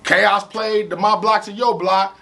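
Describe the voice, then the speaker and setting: A gravelly-voiced St. man speaking high for a man, with a bright, forceful edge. He tells stories in a loose, profane interview style, animated and full of filler phrases. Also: measured pace. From St. Louis, USA. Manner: animated, profane, repeats "you know what I'm saying". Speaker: rapper interview guest. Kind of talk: casual storytelling interview.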